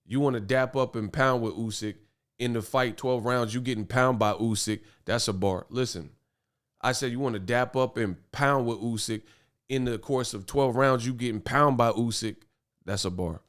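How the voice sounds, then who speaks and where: Smooth-voiced man ranting about boxing. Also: mid-range voice, normal speed, a bit bright. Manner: emphatic, rambling, repeats punchlines. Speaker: boxing commentary channel host. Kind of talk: opinionated boxing commentary vlog.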